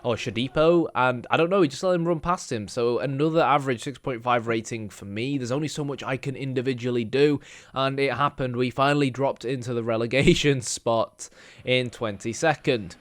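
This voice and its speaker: A man's voice: mid-range voice, fairly quick. A young man talks through his football game in a loose, chatty way. He rambles, fills gaps with ums and ahs, and pokes fun at himself. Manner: chatty, self-deprecating, rambling with fillers. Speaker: gaming YouTuber. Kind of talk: casual gameplay commentary.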